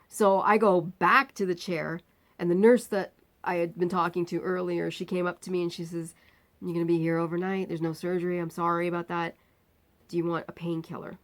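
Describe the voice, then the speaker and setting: A woman vlogger telling a personal story, acting out the people in it with lively, rising outbursts. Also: on the low side. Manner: animated retelling, acting out quoted lines.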